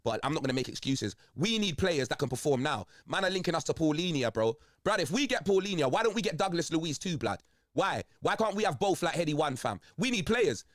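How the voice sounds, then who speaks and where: Young London man, congested, quick slang-filled football rant, dry close sound. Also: fairly high pitch, no echo. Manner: slang-heavy, animated, ranting. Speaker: football video host. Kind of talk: casual football banter.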